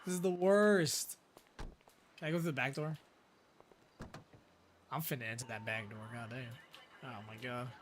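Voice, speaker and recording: A man's voice: mid-range voice, steady tone, unhurried, long pauses, noisy background. A man streaming a role-play game, talking to himself, swearing often and swinging between frustration and disbelief. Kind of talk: live game-stream commentary.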